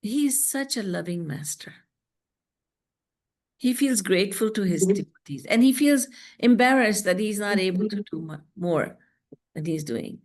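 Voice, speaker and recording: A woman spiritual teacher speaks in an earnest, storytelling way through a devotional lecture, recorded over a video call. She slows down to recite scripture verses, and her voice sits at a middling pitch. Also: animated, darkish tone.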